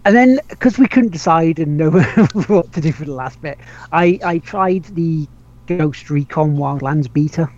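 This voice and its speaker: A man's voice: fairly high pitch, expressive, a little slow, darkish tone. A man hosting a casual gaming podcast, rambling with restarts, laughing and swearing casually. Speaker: podcast host. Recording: dull lo-fi audio.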